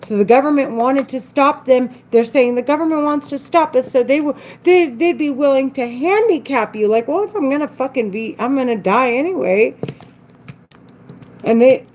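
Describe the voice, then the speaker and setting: A woman ranting in a long unscripted monologue, her voice sitting a little high. She sounds agitated and rambles, swears often and breaks off mid-sentence, with faint room noise behind her. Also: animated, normal speed, a little mellow, rough recording. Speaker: vlogger.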